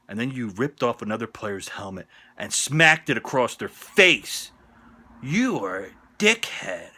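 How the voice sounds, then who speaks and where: A man from the northern United States giving sports picks on his vlog in a profane, sarcastic rant, jumping between loud jabs and muttered asides. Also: mid-range voice. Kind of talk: ranting sports opinion vlog. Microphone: on-camera vlog mic.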